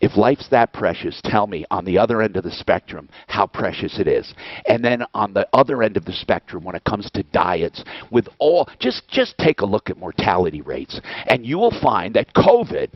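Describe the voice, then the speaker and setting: A man's voice: on the low side, sing-song, moderate pace, dry recording, dull audio. A man hosting a call-in show, delivering a heated, profane rant full of blunt rhetorical questions. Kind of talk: angry political rant.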